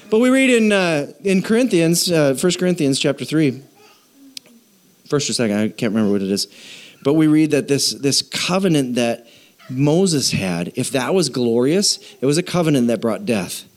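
A man preaching a sermon in church, his voice sitting a little high for a man. He jumps between soft, offhand asides and loud, emphatic lines. He teases the congregation and gets them to say lines back to him. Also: sing-song, normal speed, pauses often. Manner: jokes with the congregation and prompts call-and-response. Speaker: pastor.

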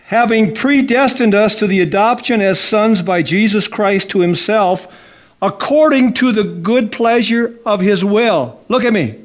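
Preacher guy with a high voice, fired up, call and response w the church, on a corded mic. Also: unhurried. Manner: fervent, call-and-response, coaxing the congregation. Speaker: pastor. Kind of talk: sermon. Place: church sanctuary. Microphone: corded handheld mic.

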